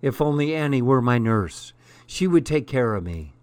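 A man narrating a first-person story aloud in an unhurried, deliberate reading. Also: medium pitch, expressive, darkish tone, dry recording. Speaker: audiobook narrator.

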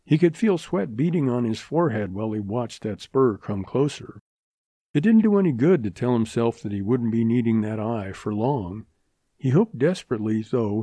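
Mellow-voiced male western narrator. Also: medium pitch, husky, no room sound. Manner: steady, measured storytelling. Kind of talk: scripted audiobook narration.

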